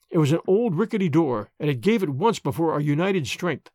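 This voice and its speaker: A man with a fairly high-pitched voice delivers measured, expressive audiobook narration. The studio sound is clean, without echo.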